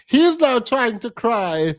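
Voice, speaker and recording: A man's voice: very high-pitched, very animated, takes it slowly. A man hosting a reaction commentary, sassy and blunt, often breaking into laughter. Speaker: commentary host.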